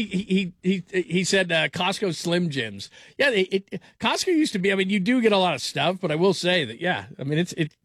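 A man's voice: a little high, a bit bright, dry recording, clean studio sound. A middle-aged man hosting a call-in sports radio show, talking casually with restarts and easy laughs. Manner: rambling, repeats words, laughs easily. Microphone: studio microphone.

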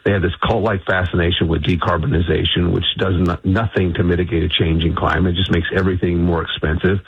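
A man's voice: low-pitched, level tone, fast talker, creaky, breathy edge, dry recording. A man being interviewed on radio as an energy institute CEO, talking emphatically and assertively with frequent restarts. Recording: dull lo-fi radio line.

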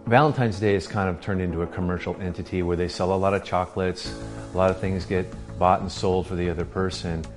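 Husband co-host, deep voice, thoughtful and halting, faint music bed. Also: male voice, steady tone. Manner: reflective, stumbling over repeated words. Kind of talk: casual faith-based chat.

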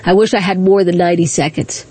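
A woman's voice: lowish voice, steady tone, fast, a little mellow, husky. A woman hosting talk radio, speaking in a combative, indignant way with repeated rhetorical questions.

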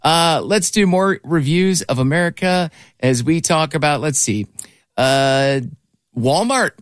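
A man's voice: on the high side, a little slow, clean tone, no room sound, clean studio sound. A man hosting a radio show, chatting casually and laughing often.

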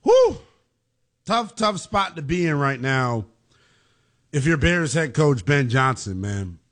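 A man's voice: medium pitch, animated, unhurried, fairly bright tone. A man hosting a sports talk show, giving heated, emphatic commentary with casual slang. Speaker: sports radio host.

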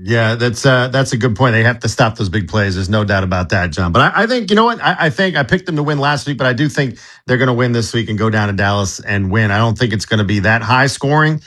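A man on live radio giving a sports preview in a casual, halting way. He fills his answers with uhs and starts sentences over. His voice sits at an ordinary middle pitch. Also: lively intonation, a bit bright. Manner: casual, halting, with many fillers and restarts. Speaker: sports director.

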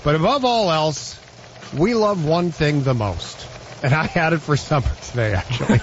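A male radio host in casual, playful banter, chatty and quick to laugh. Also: fairly high pitch, expressive, dull audio, a little hiss or hum.

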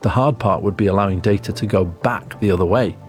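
Sex: man. Role: reporter narrator. Style: scripted documentary narration. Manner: measured, storytelling. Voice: lowish, over soft music.

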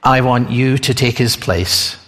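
Preacher guy doing a calm old prophet, voice drops low, slow and grave, echoey hall. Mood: reassuring. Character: calm aged male prophet, steady and reassuring. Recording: long hall reverb.

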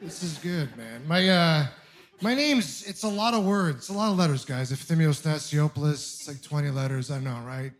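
A young man from Ontario doing a stand-up comedy set in a club, telling self-deprecating, exasperated stories with quick asides. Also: on the high side, lively intonation. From Canada (Ontario). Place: comedy club stage with audience laughter.

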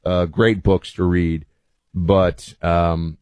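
Deep-voiced rambling male host. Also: level tone, very slow, a little mellow, no echo. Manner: rambling with frequent restarts and fillers. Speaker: podcast host and author. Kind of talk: casual monologue.

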